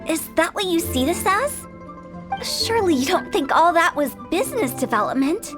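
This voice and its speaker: A woman's voice: very high-pitched, very animated, normal speed. A woman voicing a playful, mischievous young funeral director with cheeky sales patter, over game music. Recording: game soundtrack playing under voice.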